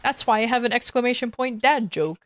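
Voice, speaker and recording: A woman's voice: on the high side, animated, fairly quick, no echo. A woman streamer chatting casually with her viewers, playful and joking, laughing often. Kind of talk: casual live-stream chat.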